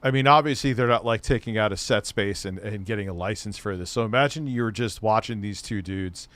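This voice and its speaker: Rambling, foul-mouthed commentary host. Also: male voice, fairly low pitch, brisk, fairly bright tone. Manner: profane, rambling, laughs easily. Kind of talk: casual commentary stream.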